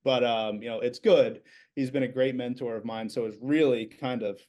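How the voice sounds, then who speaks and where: Man, thirties, podcast guest, casual storytelling, middle pitch, filler-heavy. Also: fairly even intonation, normal speed, darkish tone. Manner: chatty, repeats words at starts, many fillers. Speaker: business owner, podcast guest.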